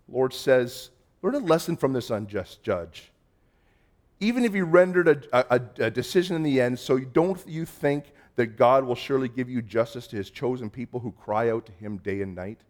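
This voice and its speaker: A man preaching a sermon as pastor, moving between loud emphasis and hushed, quiet passages and acting out quoted voices. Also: mid-range voice, lively intonation, normal speed.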